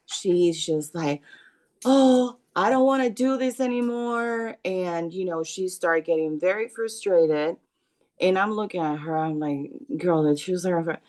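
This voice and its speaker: Slow, halting woman on a video call. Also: fairly low pitch, a little mellow. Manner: slow, halting with many fillers. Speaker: parent sharing in a support group. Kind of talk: casual storytelling on a video call.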